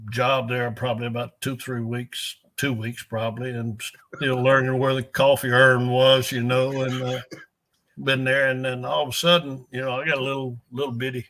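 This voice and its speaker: Older coach, gravelly voice, rambles and chuckles thru his stories. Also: mid-range voice, level tone, normal speed, a bit bright. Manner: folksy, rambling, laughs while telling stories. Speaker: strength coach. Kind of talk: storytelling in an interview.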